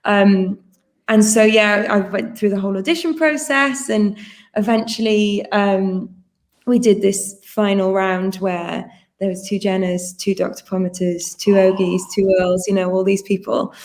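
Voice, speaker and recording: A woman's voice: mid-range voice, fairly even intonation, unhurried, a little mellow. A woman guest chatting eagerly over a laptop video call, telling a long story and acting out other people's lines. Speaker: guest performer. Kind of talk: casual interview chat.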